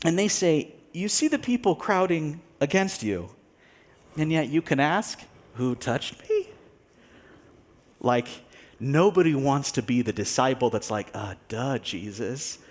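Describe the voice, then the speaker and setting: A male pastor preaching a sermon, telling a story with animated delivery, acting out the people he quotes and laughing now and then. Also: on the high side, a little slow.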